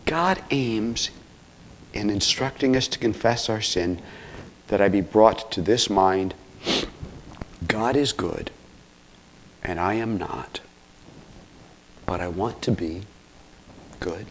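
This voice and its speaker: A man preaching an expository sermon, earnest, with self-corrections and asides, swinging from hushed near-whispers to loud, emphatic exclamations. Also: on the low side, slow pace, long pauses, slight background noise. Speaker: pastor.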